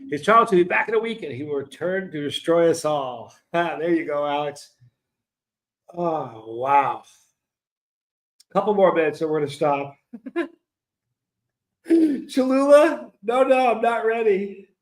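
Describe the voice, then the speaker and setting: A man with a high, light voice chats through a live stream, reading viewer comments aloud. He breaks into laughter again and again and sounds delighted by the jokes. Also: a little slow, long pauses. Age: 50s. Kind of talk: casual live-stream chat.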